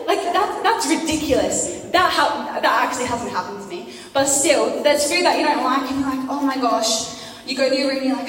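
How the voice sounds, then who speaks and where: A youth preacher, a woman with a high voice, speaks fairly quickly in a casual, playful sermon, chatting with her listeners and teasing them with questions. She's recorded from far off in an echoey hall.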